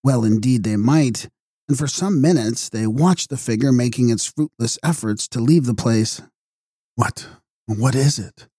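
A male audiobook narrator reads a gothic novel with measured drama. His voice is dark and mellow with some huskiness, and the recording is dry and close. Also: mid-range voice, no room sound.

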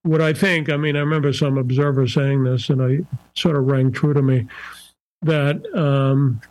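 An older man, a psychiatrist guest on a podcast interview, talking in a measured, searching way and often restarting his phrases. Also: mid-range voice, fairly even intonation, darkish tone, no room sound, poor audio.

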